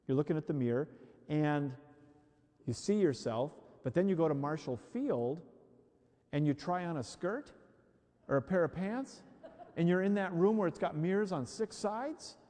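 A man preaching a sermon in an emphatic, animated way, repeating key phrases for the congregation. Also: a little high. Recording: long hall reverb.

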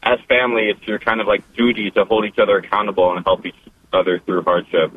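A young man of college age calling in, relaxed and casual, with frequent fillers. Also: lowish voice, quick pace. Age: 20s. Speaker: caller. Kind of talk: casual call-in chat. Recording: tinny phone line.

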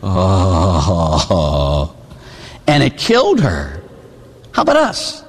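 A priest in his forties from Pittsburgh, preaching a sermon with animated storytelling and asides to the congregation. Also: deep voice, extremely slow, slightly rough, long reverb tail. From Pittsburgh, USA. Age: 40s. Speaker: Catholic priest. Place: church.

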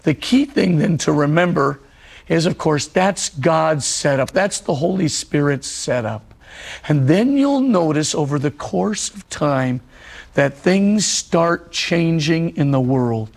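A man with a somewhat raised pitch and a gravelly, creaky edge gives a spiritual teaching talk on prayer. He speaks in a measured, reflective way and tells personal stories with many small fillers.

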